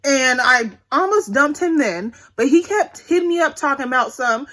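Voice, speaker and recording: A woman in her twenties vlogs a candid, profane story to her viewers, blunt and chatty. Her high voice swings widely in pitch and sounds pushed and bright, moving at normal speed with few pauses.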